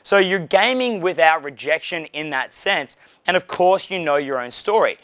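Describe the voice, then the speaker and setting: A man in his thirties, a dating coach giving casual, profane, animated coaching talk and acting out dialogues. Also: on the high side, normal speed, no room sound. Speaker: pickup coach.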